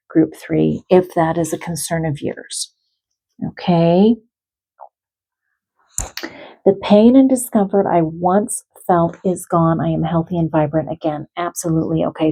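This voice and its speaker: A middle-aged woman giving a gentle, heartfelt spiritual card reading as an animal communicator, speaking directly to her viewers. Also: lowish voice, poor audio.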